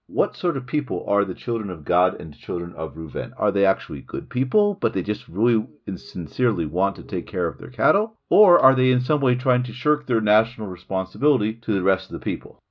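Husky-voiced man hosting a Bible podcast. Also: fairly low pitch, muffled recording. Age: middle-aged. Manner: lively explanatory storytelling, reads Hebrew aloud. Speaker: podcast host. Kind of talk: Bible study podcast lecture. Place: home recording room in the hills.

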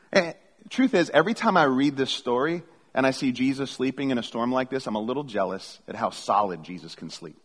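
A middle-aged man gives a sermon as pastor, mixing scripture reading with casual storytelling and repeated restarts. His voice is medium in pitch and a bit bright, recorded with long hall reverb.

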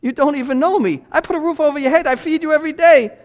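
Preacher acting out a fed-up dad, high and whiny, echoing around a church hall. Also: male voice, quick pace. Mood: exasperated. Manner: incredulous, pleading. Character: exasperated fed-up father scolding his worried child. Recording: long church reverb.

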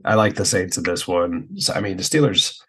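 A man's voice: deep voice, a little fast, a bit bright, slight background noise. A man co-hosting a casual sports betting podcast, laid-back and profane. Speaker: podcast co-host.

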